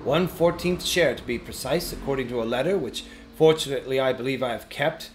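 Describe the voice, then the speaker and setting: A man voicing a small, fussy, businesslike male hobbit in an audiobook, prim and a little squeaky. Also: fairly quick, background noise, close to an everyday voice. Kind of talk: audiobook character reading.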